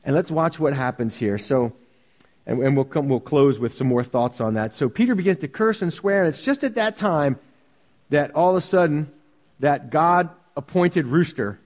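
A man's voice: on the high side, animated, moderate pace, a little mellow, in a large hall. A man preaching a sermon as pastor, earnest and full of rhetorical questions.

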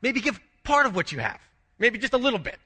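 A man doing a high, wheedling bargainer. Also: sing-song, brisk, bright, forceful tone, slightly rough, big-room sound, full character voice. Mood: pleading. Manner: high-pitched, eager, wheedling. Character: pleading bargaining preacher-teacher, backpedaling.

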